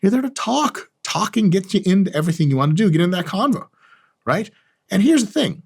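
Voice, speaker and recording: A man hosts a comedic advice monologue with a husky voice. He swaggers through it, mock-arrogant and full of profanity. His pitch swings in lively, animated leaps. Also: fairly quick. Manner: lively, animated delivery with big pitch jumps. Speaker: channel host.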